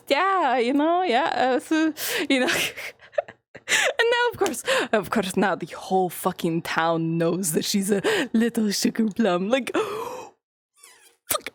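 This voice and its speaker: Young woman streamer, giggly and foul-mouthed, higher voice that swings all over, unhurried delivery. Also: animated, no room sound, clean studio sound. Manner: giggly, swears freely, rambling. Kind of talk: casual live-stream chat.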